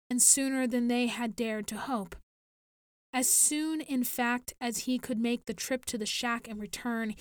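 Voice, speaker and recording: A woman reading a science fiction story aloud in a measured storytelling manner. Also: a little high, no room sound, studio quality. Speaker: narrator. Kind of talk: audiobook reading.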